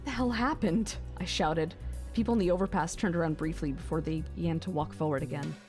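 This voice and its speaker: A young adult woman streamer reading a visual novel aloud on a gaming stream, excitable and swearing between gasps and laughs. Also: low-pitched, quick pace, faint music behind.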